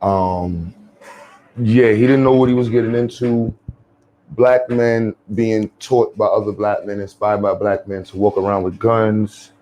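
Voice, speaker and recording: A man's voice: lowish voice, steady tone, unhurried, dark tone, lo-fi sound, a little hiss or hum. A man with a New York accent giving blunt, profane, slangy commentary as a vlogger.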